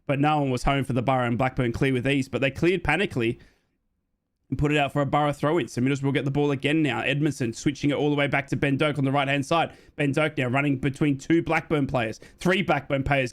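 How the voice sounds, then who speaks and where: A young Australian man giving live play-by-play football commentary while chatting with viewers, jumping high and quick when excited. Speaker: fan watchalong commentator.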